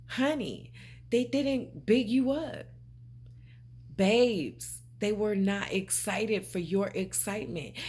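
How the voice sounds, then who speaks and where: A spiritual vlogger talks directly to camera in a medium-pitched voice with a breathy edge. She's emphatic and preachy, repeating her points and calling viewers babe and honey.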